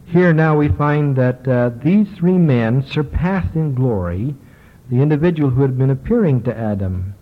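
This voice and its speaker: A man's voice: mid-range voice, expressive. Man lecturing in a tinny, echoing hall. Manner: slow, measured reading with small hesitations. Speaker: religious lecturer. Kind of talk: lecture reading ancient texts aloud. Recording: tinny lo-fi recording, long hall reverb.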